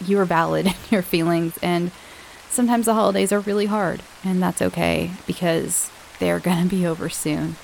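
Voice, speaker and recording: A woman hosting her own podcast, chatting casually and warmly to her listeners with fillers and little laughs. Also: fairly low pitch, fairly even intonation, normal speed, vocal fry, slight background noise, low-quality recording. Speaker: podcast host. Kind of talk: casual chat.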